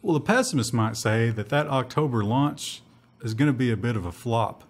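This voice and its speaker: A man's voice: medium pitch, expressive, normal speed. A man co-hosting a tech news show in a casual, joking chat with sarcastic asides.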